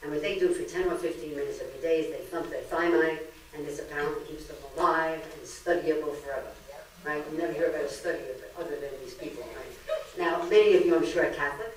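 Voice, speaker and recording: A woman's voice: deep voice, fast, a little hiss or hum. An older woman from Brooklyn, giving a comedic lecture full of jokes and stories. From Brooklyn, New York. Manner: joke-telling, lively storyteller. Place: library meeting room. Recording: echoey room, distant mic.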